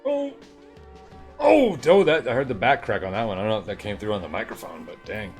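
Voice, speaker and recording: A fairly low-voiced man talks through coding exercises on a live stream, reading each instruction aloud and riffing on it. He hams it up with a put-on New York twang, little sound effects and jokey remarks, and faint music plays behind him. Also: animated, very fast. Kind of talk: casual live-coding commentary.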